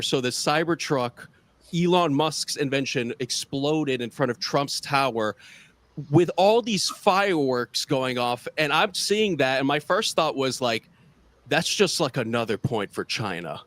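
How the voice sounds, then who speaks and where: A man's voice: on the high side, animated, measured pace, a bit bright. Rambling self-mocking American man comedian. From United States. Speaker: stand-up comedian. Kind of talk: online stand-up set.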